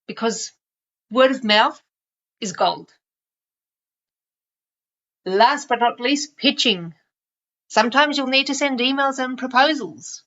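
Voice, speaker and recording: Bright, chatty woman podcast host. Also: on the high side, muffled recording. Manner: chatty, lightly sarcastic. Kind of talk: solo podcast monologue.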